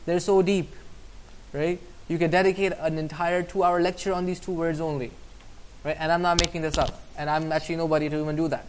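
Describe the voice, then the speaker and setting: A man giving a casual Islamic class online, conversational and often asking "right?" to check in. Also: a little high. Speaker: Islamic teacher.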